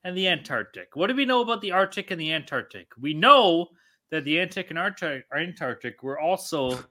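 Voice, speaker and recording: A man's voice: fairly high pitch, big pitch swings, a little fast, bright, forceful tone. A tipsy man hosting a casual sports podcast, talking in a crude, profane way and often laughing. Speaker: podcast host. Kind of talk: casual chat.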